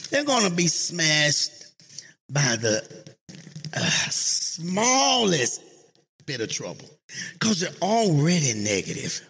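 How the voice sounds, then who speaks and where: A pastor preaching a sermon to his congregation, leading call-and-response and drifting into sung, chanted phrases that rise into high shouts. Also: vocal fry, breathy edge. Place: church sanctuary.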